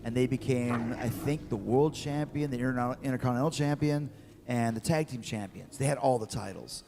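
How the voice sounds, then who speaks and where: A middle-aged man, a guest in an interview, telling lively anecdotes with repeated words. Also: mid-range voice, brisk, vocal fry, background noise. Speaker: guest, former wrestler. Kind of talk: storytelling in an interview. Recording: long reverb with faint music.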